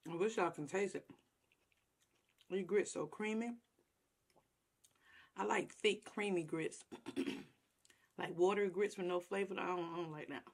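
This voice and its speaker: A mukbang vlogger with a lowish, unhurried voice and long pauses chats casually with her viewers while eating a meal on camera. She talks as she chews, savoring each bite.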